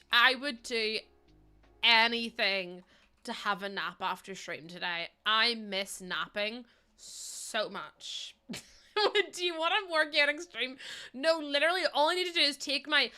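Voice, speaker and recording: A woman's voice: mid-range voice, sharp tone, smooth. A young woman chatting casually to viewers on her livestream, sleepy, rambling and giggling often. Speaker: streamer.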